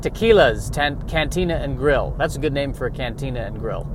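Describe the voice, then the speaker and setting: A man's voice: medium pitch, lively intonation, fairly quick, noisy background. A man talking in a rambling comic monologue, digressive and self-mocking, often talking to himself. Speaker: vlogger.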